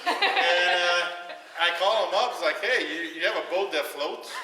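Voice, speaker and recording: A man telling a long, animated story to a party audience, acting out the quoted voices and laughing often. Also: high voice, a little slow. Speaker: guest speaker telling a story at a retirement party. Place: large echoey hall at a party. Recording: far-off echoey hall recording with faint noise.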